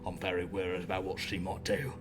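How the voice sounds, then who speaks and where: A man voicing a gruff, worried castle servant in a game, dark and low. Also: level tone, quick pace, music in the background, close to an everyday voice.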